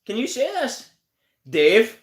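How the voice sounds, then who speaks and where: A Northern Irish man hosting a live stream, his voice high and bright. He swears freely and breaks into laughter as he ribs his viewers. The room around him is echoey. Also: measured pace. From Northern Ireland. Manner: laughs constantly, swears, teases viewers by name. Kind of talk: casual live stream banter.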